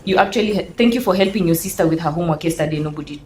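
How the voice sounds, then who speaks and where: A Kenyan woman in her thirties speaking as a parenting panel speaker, lively and animated, acting out children's voices as she talks to an audience. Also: on the low side, rapid-fire, a little hiss or hum. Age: 30s. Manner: animated, acts out children's voices, mixes English and Swahili. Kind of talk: lively workshop talk to an audience. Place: event hall with audience. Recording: roomy hall sound.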